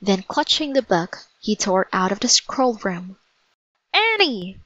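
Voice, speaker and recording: A woman's voice: medium pitch, unhurried, a bit bright, dry recording, muffled recording. A woman voicing an anxious, bookish young boy who stammers and panics when frightened. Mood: calling out.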